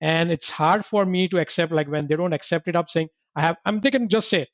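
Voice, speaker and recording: A man in a casual group discussion, talking rapidly and leaning on "I mean" fillers. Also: fairly high pitch, no echo. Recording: dull lo-fi sound.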